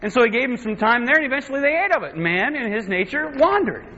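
A man's voice: very high voice, lively intonation, quick pace, bright, forceful tone. A man pastor preaching an impassioned, emphatic sermon full of rhetorical questions, on a dull lo-fi recording.

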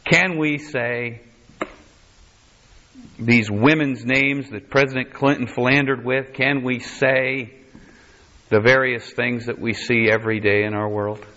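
A man's voice: medium pitch, fairly even intonation, a little slow, long pauses, pushed and bright. A man preaching a sermon as pastor, reading scripture verse by verse and adding wry asides. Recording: dull lo-fi sermon recording.

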